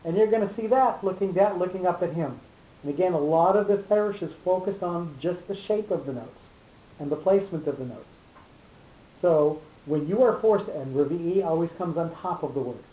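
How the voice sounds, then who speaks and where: Halting teacher in a roomy, dull recording. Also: medium pitch. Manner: halting, repeats words while explaining. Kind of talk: lecture on cantillation.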